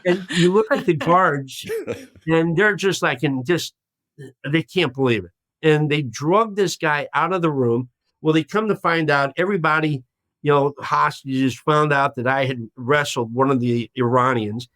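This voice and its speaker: A man in his sixties, a podcast guest telling a long story in a lively way and acting out the voices of the people in it. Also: on the high side, measured pace, no room sound. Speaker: guest, former hostage.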